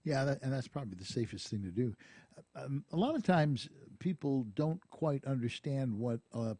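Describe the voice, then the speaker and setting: A man hosting a radio talk show, telling a police story in a lively, laughing way. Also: medium pitch, moderate pace, dry recording. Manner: storytelling, animated, laughs often. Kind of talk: casual radio chat, anecdote telling. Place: radio studio.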